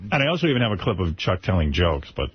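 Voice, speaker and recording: A man hosting a casual comedic chat, telling stories and mimicking voices in an animated way. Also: deep voice, racing, slightly rough, dull audio. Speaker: podcast host.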